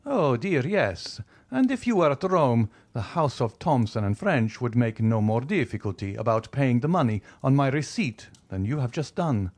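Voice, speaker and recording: A man voicing a wealthy, suave nobleman in an audiobook, speaking with smooth, mocking courtesy. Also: medium pitch, very animated, normal speed, few pauses, darkish tone. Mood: ironic. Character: wealthy, suave, coolly ironic male nobleman. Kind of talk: audiobook character reading.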